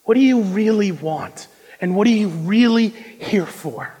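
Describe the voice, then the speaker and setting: A young man preaching a sermon, moving between hushed intensity and loud, emphatic delivery. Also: sits high, animated, measured pace, husky. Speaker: pastor. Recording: long reverb of a large hall.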